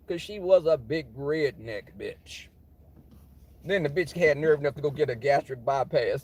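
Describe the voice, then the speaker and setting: A male vlogger with a slightly high, slightly rough voice tells sassy, dramatic workplace stories at a normal pace while driving his car. His storytelling chat is animated throughout.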